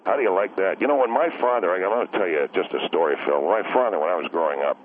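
A man's voice: sits low, fast, a little hiss or hum, close to an everyday voice. An actor playing a touchy, rambling husband calling into a radio comedy show, who keeps mixing up he and she. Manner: defensive, rambling, mixes up he and she. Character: touchy rambling middle-aged husband caller. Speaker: caller. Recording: tinny phone line.

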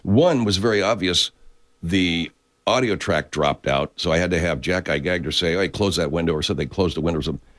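A man's voice: deep voice, a little fast, fairly bright tone. A man hosting a show, chatting casually in a profane, digressive way with many restarts. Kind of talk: casual rambling chat. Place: California.

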